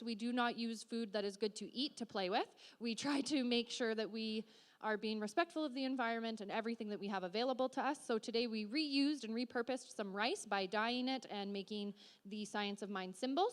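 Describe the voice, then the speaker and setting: A woman's voice: fairly high pitch, brisk, in a large hall. A woman leading the children's program, giving upbeat, thankful announcements at a church service.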